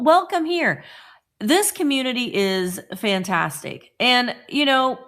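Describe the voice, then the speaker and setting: A woman's voice: medium pitch, gravelly, a bit bright. A middle-aged woman from Indiana hosting a casual live stream, chatting and greeting viewers by name.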